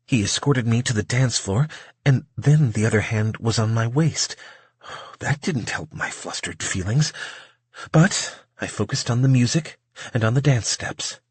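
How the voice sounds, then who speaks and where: A man narrating an audiobook in the first person, with a measured, wry reading. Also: medium pitch, breathy edge, dry recording.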